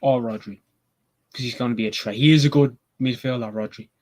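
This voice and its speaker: A man's voice: medium pitch, brisk. Male channel host, loose unscripted fan chat, eager and swearing freely, mid-range voice. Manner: rambling, excitable, swears casually. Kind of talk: casual match preview chat.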